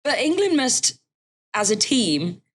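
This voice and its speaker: A woman's voice: fairly high pitch, very animated, slow pace, husky. A woman hosting a casual interview, chatty and encouraging. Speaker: host.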